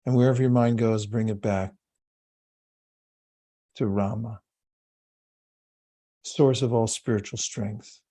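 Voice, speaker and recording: Slow, mellow-voiced man leading meditation. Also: lowish voice. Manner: slow, calm and soothing, with long pauses. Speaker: spiritual teacher. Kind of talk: guided meditation talk.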